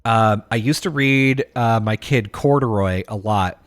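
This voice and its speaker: A man's voice: on the low side, a little slow. A man co-hosting a podcast, chatting casually in a rambling, self-deprecating way. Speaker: podcast co-host. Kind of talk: casual chat.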